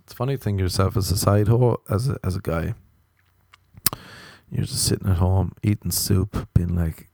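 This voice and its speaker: An Irish man rambles through a comic monologue, poking fun at himself along the way. His voice sits low with a gravelly fry. The sound is close and dry. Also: moderate pace, dark tone, no room sound. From Ireland. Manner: self-mocking, wandering asides. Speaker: comedian.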